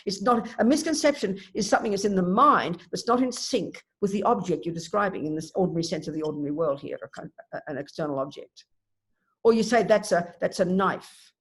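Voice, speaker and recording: Woman, Buddhist teacher, emphatic and lively, restarts mid-thought; dharma class. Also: medium pitch. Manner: emphatic, animated, thinks aloud with restarts.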